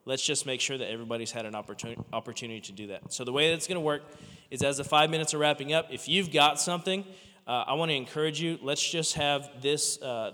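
A man leading a church gathering talks the congregation through the plan in an informal, halting way. His tone is bright and forceful. A long reverb hangs on every word in the sanctuary. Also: medium pitch. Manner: informal and hesitant, full of fillers and restarts. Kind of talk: giving instructions to a congregation.

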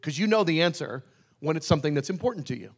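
A man's voice: fairly high pitch, lively intonation. Conversational man preaching a sermon. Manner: conversational, with restarts and emphatic slowed phrases. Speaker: pastor.

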